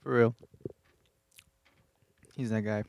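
A man's voice: fairly low pitch, flat delivery, slow, vocal fry, a little mellow, no room sound, clean studio sound. A man co-hosting a podcast in casual chat, joking and mocking himself in banter. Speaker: podcast co-host.

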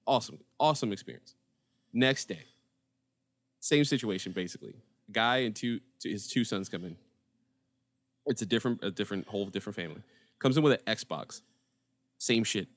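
Laughing, animated man telling stories. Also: fairly low pitch, brisk, pauses often, no echo. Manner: animated, laughing, acts out quotes. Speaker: podcast co-host, former game store worker. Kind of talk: casual chat, storytelling.

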